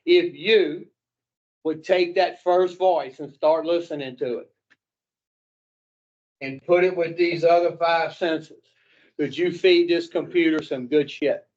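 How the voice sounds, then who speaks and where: A man, his voice fairly high for a man, speaks to a recovery class at an unhurried pace. He is blunt and profane and keeps firing questions at his listeners. The recording sounds dull and lo-fi. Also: steady tone, darkish tone. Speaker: addiction recovery counselor. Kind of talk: classroom talk to a recovery group.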